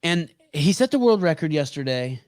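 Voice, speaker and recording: A man hosting a podcast interview, asking questions in a halting way and often restarting them. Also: a little high, very animated, a little mellow, no room sound. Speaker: podcast host.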